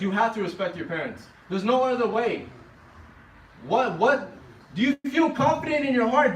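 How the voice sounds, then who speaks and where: A man delivering a Friday sermon as preacher, pressing the congregation with rapid rhetorical questions. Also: sits high, slight background noise. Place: mosque prayer hall. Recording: echoey hall, distant mic.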